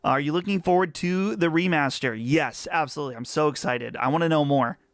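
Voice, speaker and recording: Gravelly Western Pennsylvania man, chatty. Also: fairly high pitch, fairly quick, dry recording, studio quality. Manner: chatty, rambling, easygoing. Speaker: livestream host. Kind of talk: casual live chat.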